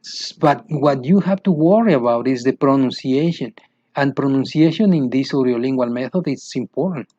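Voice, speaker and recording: A man with a Mexican Spanish accent lectures in English at a middling pitch, stressing points by saying words again and asking rhetorical questions. The recording is dull and lo-fi, with a dry, close sound. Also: moderate pace, dark tone, no room sound. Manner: repeats words for emphasis, asks rhetorical questions. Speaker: English teacher trainer. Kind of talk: explanatory teaching talk.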